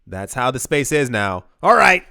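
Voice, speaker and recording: A man's voice: medium pitch, very animated, moderate pace, vocal fry, bright, forceful tone. A man hosting a crypto news channel, giving casual commentary with sarcastic, joking asides. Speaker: crypto YouTube host.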